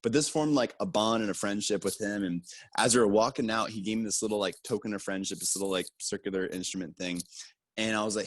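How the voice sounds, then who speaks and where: Man, lowish voice, casual storyteller, lively quoted bits, dry room. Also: fast, dry recording. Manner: animated, acts out quotes with raised pitch. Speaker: guest storyteller.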